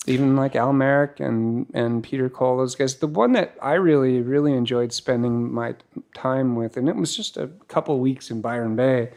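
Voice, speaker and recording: A man's voice: medium pitch, normal speed. A man in his fifties from California, a surfer and filmmaker, telling stories casually and acting out the dialogue. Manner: animated, acts out dialogue, restarts often. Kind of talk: casual storytelling.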